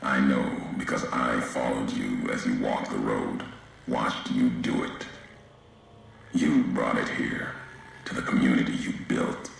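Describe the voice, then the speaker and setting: Grim gravelly wanderer. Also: male voice, fairly even intonation, very echoey, a little hiss or hum, heavily acted. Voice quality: deep gravelly voice. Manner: slow, solemn, fragmented delivery. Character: grim weathered male wanderer, brooding and accusing. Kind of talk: video game dialogue.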